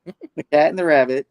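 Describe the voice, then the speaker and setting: A man's voice: fairly high pitch, creaky, no echo. A man hosting a casual comic book review, rambling with many fillers and frequent laughter. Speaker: host of a comic review show.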